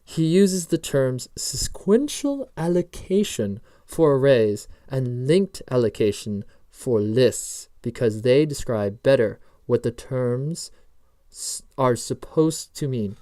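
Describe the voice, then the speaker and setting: A man reading out a commenter's explanation of programming terms in a put-on British accent, stiff and deliberate. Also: medium pitch, lively intonation, mellow, no echo, clean studio sound. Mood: lecturing. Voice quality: stiff, deliberate, like a film agent.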